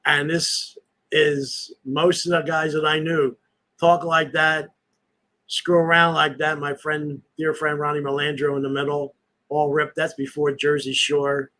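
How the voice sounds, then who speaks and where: A man's voice: fairly high pitch, little pitch movement, unhurried, sharp tone, low-quality recording. A man in his sixties hosting a podcast, rambling through nostalgic stories in casual chat. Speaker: podcast host.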